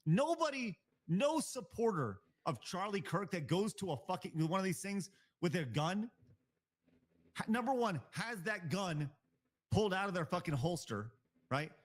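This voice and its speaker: A man's voice: sits high, big pitch swings, normal speed. A male live stream host giving blunt, profane, heated reaction commentary.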